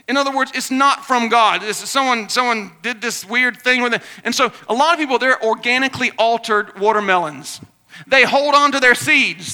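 High, bright-voiced energetic male preacher. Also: smooth. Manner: energetic preaching with sudden shouts and soft asides. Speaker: pastor. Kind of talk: sermon.

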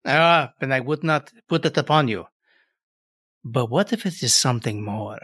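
A man's voice: medium pitch, lively intonation, normal speed, fairly bright tone, breathy edge, no echo, studio quality. A man playing a tabletop game in character, speaking formally and courteously. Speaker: player. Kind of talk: in-character tabletop role-play.

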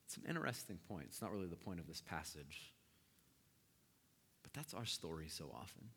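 Animated male preacher in a hall. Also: sits low, a little fast, husky. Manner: animated storytelling with swings from hushed to loud. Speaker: pastor. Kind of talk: sermon.

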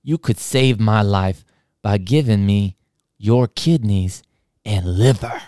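A stoned, bloodshot stranger pleads and pushes in a slow, lazy drawl, as a man puts him on. The voice is a little low and smooth, and the recording is dry and close. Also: dark tone, no room sound. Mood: pushy.

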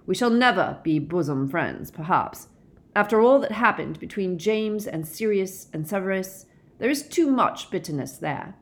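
A woman reading a calm, weary middle-aged werewolf man, measured and gentle in an audiobook. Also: medium pitch, pitched above the performer's own voice, natural voice.

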